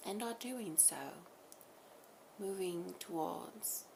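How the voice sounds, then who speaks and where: A woman voicing a calm, loving collective spirit in a channeled message, speaking slowly and softly in half-whispers. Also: mid-range voice, gravelly, noisy background. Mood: tender, soothing. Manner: slow, soft, often half-whispered affirmations.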